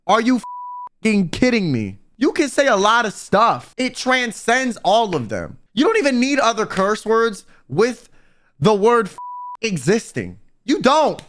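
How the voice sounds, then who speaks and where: A young man riffs to his stream chat in a loose, rambling comedic monologue. His voice sits high and swings widely up and down as he talks, and he keeps checking in with the audience. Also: a bit bright. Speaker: vtuber streamer. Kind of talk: casual comedic ranking monologue.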